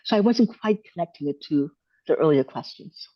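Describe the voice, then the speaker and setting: A woman hosting a live Q and A on a video call, answering questions in a thoughtful, measured, gently encouraging way. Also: deep voice, expressive, no echo, highs cut off. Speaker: host answering viewer questions. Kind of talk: live Q and A coaching.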